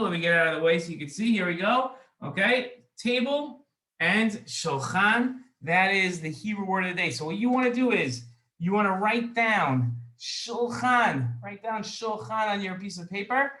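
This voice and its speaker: A man's voice: high-pitched, bright, forceful tone. A man hosting a children's show in an upbeat, chatty, playful way. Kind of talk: kids' show presenting. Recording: echoey room.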